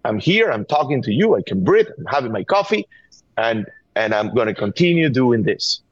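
His medium-pitched voice swings widely in pitch at normal speed, with a breathy edge and no room sound. A middle-aged Venezuelan with a Venezuelan Spanish accent, he is a gun violence activist calling in as an interview guest over a dull, dry remote line, speaking earnestly and urgently and repeating words to press his point.

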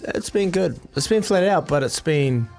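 A man's voice: on the high side, lively intonation, normal speed, vocal fry, darkish tone, soft background music. Laid-back New Zealand radio man. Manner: laid-back storytelling with frequent laughs and fillers. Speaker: radio breakfast co-host. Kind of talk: casual radio banter. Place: radio studio.

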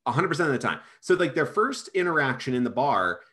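Incredulous man with lively intonation. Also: mid-range voice, quick pace. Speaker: podcast co-host reviewing a film. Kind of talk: casual chat.

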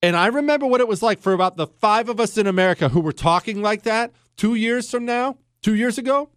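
Male political talk host: sarcastic, animated, high voice swinging wide, dry close sound. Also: fairly quick, clear, resonant tone, no echo. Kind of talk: political commentary.

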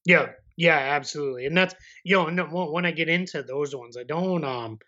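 A man chats casually on a sports podcast, rambling and easygoing as he circles his point. His voice sits a little high for a man. The audio is slightly dull and lo-fi. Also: brisk, sharp tone. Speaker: podcast co-host. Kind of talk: casual basketball podcast chat.

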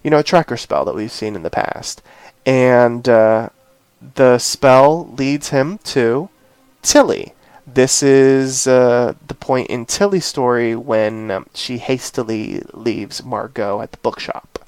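A man's voice: medium pitch, takes it slowly, a little mellow, clear, resonant tone, dry recording. A male host retells a TV episode in a loose, meandering way, leaning on filler phrases as he goes. He takes his time and gives his opinions with emphasis. His voice is recorded close and dry, with no room sound. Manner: rambling retelling full of "you know" and "this, that, or the other". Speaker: podcast host. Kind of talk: casual chat recapping a TV episode.

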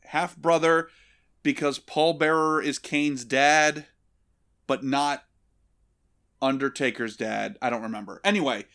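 A man's voice: on the high side, unhurried, long pauses. A man hosting a casual comedy podcast, telling a story with lots of swearing, laughter and put-on voices. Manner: animated, profane, laughing storyteller.

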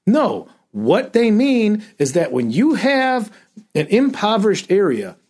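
A man's voice: sits high, huge pitch swings, slow, a little mellow. A man on a podcast, a comedian ranting and swearing in exasperated casual chat. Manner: self-described comedian. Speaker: podcast co-host.

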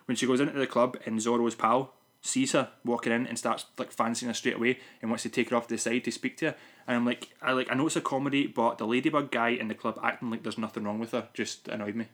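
A man co-hosting a podcast, chatting casually about a film in a rambling, animated way. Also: medium pitch, fast. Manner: rambling, animated, lots of restarts. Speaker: podcast co-host. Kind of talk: casual film review chat.

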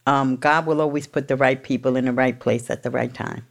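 A woman's voice: extremely low pitch, steady tone, a little fast, creaky. Woman, middle-aged, from New York, blunt, profane, streetwise, candid storytelling. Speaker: guest.

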